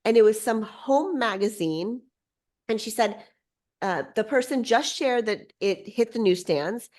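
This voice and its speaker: Bubbly, excitable higher-voiced woman. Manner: bubbly, excitable, quick restarts; lively swings in pitch. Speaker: podcast guest. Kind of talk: casual storytelling.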